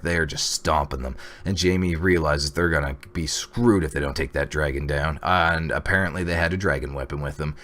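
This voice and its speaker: A man casually recapping a TV episode, rambling with fillers and excited reactions. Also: a bass voice. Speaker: TV episode reviewer. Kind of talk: casual video review.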